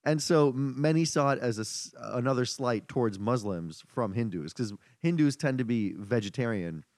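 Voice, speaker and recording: A man's voice: medium pitch, lively intonation, normal speed, a little mellow, dry recording, studio quality. A man from India co-hosting a podcast, casually chatting and reading out news stories. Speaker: podcast co-host.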